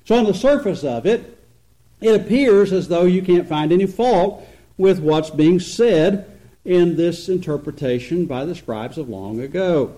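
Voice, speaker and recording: A man preaching an expository sermon, earnest and emphatic, slowing down to stress points and swinging between loud and quiet. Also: high voice, lively intonation, rough recording. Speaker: pastor.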